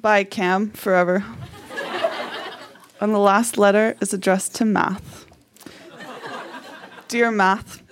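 Woman reading angry letters on stage, slightly high. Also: measured pace, slight background noise. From Canada. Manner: indignant schoolgirl outrage read with comic emphasis. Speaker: reader of her own childhood letters. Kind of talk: reading aloud on stage at a live show. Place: live theatre stage.

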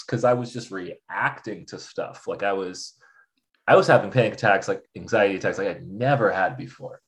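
A man's voice: on the low side, moderate pace. A young man as a podcast guest, talking candidly and acting out the voices of people he quotes. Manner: animated, acts out quoted voices. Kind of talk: candid conversational storytelling.

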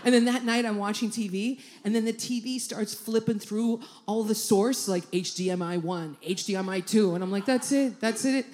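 A woman's voice: mid-range voice, moderate pace, hardly any pauses, slight background noise. A woman telling a comic story in stand-up style, swearing, laughing through her lines and acting out the people in it. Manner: animated, swears, laughs through lines, acts out quoted voices. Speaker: comedian.

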